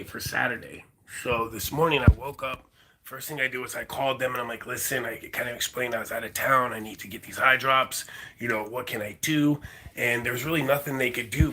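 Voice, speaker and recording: A man's voice: mid-range voice, sharp tone, slight background noise, poor audio. A young man telling a long rambling story in a casual vlog, full of fillers and repeated words. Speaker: vlogger.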